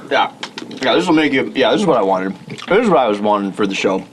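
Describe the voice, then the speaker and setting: A man's voice: on the low side, very animated, fast talker, a little hiss or hum. A man hosting a casual radio chat while eating hot wings, laughing often and strained by the heat. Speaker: radio show host. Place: radio studio.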